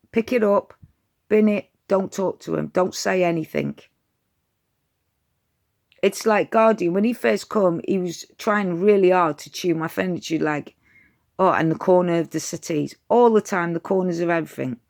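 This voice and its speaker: A woman's voice: medium pitch, normal speed, gravelly, a little mellow. A woman, giving dog training advice in a chatty, direct vlog style. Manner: chatty, direct, addresses viewers as "you lot".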